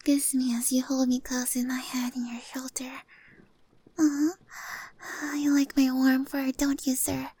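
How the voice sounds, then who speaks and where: A young woman voicing an affectionate, devoted cat girl in a whispered role-play, speaking softly and breathily with little meows. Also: high-pitched, completely flat delivery, a little slow, no echo, full character voice. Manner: soft, breathy, adoring, meows between lines.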